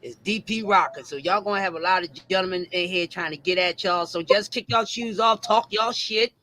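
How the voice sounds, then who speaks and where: A man's voice: high-pitched, a little fast, bright, forceful tone, slight background noise. A man co-hosting a casual panel chat, boastful and playful. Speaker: co-host.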